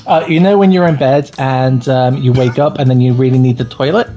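A man co-hosting a podcast from Ireland, joking with a dry, deadpan manner. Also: mid-range voice, brisk, soft background music. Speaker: podcast co-host. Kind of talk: casual podcast chat.

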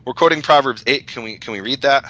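Bright-voiced man explaining scripture. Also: medium pitch, quick pace, no echo, low-quality recording. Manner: thoughtful, explains with scripture quotes. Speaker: guest Bible scholar. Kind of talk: casual religious discussion on a podcast.

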